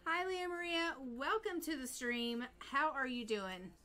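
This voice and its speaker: A woman streams a life-sim game and chats along. She talks straight to her characters and her viewers, in a fairly high voice. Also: unhurried, sharp tone. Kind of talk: live game stream commentary.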